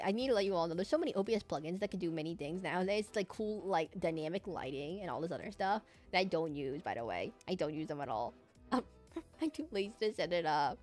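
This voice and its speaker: A woman VTuber chatting casually on stream, excitable and rambling with lots of fillers and little laughs. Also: on the low side.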